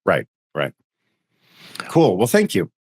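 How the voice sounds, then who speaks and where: Deep-voiced relaxed male co-host. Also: slow, slightly rough, no echo, clean studio sound. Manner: relaxed, agreeable, trails off. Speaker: show co-host. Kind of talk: casual show chat.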